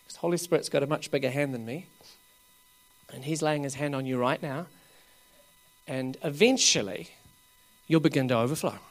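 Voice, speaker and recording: A man preaching at a revival meeting, laughing often as he coaxes the crowd and rises to loud bursts. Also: mid-range voice, normal speed, long pauses.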